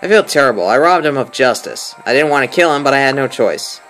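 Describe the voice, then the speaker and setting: A man's voice: mid-range voice, lively intonation, quick pace, fairly bright tone, faint music behind, lightly acted, rough recording. A man voicing a young prince who is sincere and conflicted, reading game dialogue in his own voice. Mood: troubled. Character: young prince wracked by guilt, earnest.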